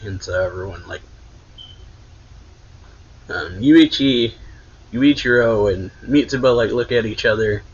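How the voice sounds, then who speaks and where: A man's voice: lowish voice, a little slow, long pauses, slightly rough. A man casually recapping a manga chapter, rambling with many fillers, on dull lo-fi audio. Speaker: manga reviewer.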